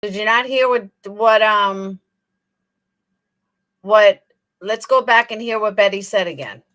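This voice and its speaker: A woman's voice: mid-range voice, measured pace, a bit bright. A woman hosting a commentary channel, reading legal text aloud and mocking the people she reacts to with sarcasm.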